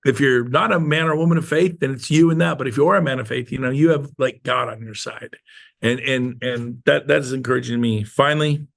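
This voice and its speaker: A medium-pitched, gravelly-voiced man fires up his real estate team in a live meeting. His pep talk is forceful and repetitive, and he slows his delivery to underline what matters.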